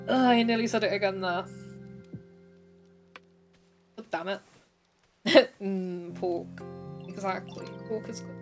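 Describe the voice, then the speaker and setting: A woman's voice: medium pitch, unhurried. A woman streamer chatting casually and laughing while she plays a game, with game music behind her. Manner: chatty, giggly, reacts aloud. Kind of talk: casual gameplay commentary.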